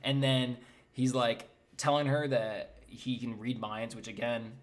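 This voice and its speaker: Here a young comedy commentator speaks at a measured pace in a medium pitch with a level tone. Still, his movie recap is sarcastic and rambling, full of fillers and mocking impressions of characters.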